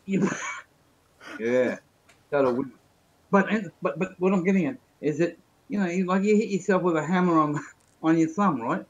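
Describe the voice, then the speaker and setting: A fairly high-pitched man tells rambling jokes in casual chat. He comes through a video call, and the sound is muffled and dull. He laughs easily between his lines. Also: moderate pace, pauses often. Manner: joking, rambling storyteller. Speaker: guest.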